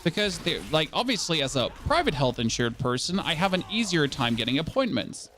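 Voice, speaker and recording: A man's voice: fairly high pitch, big pitch swings, a little fast, pushed and bright, slight background noise. A man from Germany with a German accent, chatting sarcastically to his stream chat while playing a game. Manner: sarcastic, rambling, talking to chat. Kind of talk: casual live-stream chat while gaming.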